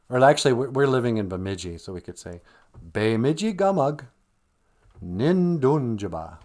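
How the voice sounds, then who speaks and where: A man's voice: medium pitch, a little mellow. A man from Minnesota with an Upper Midwest accent, hosting a casual livestream, chuckling and teaching words while reading viewer comments aloud. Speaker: livestream host teaching Ojibwe. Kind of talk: casual livestream chat and language lesson.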